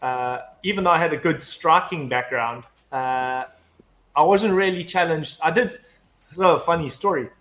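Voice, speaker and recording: A man's voice: on the high side, moderate pace, fairly bright tone. A man in casual chat, telling a long anecdote full of swearing and restarts. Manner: rambling storyteller, heavy swearing, frequent restarts. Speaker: guest.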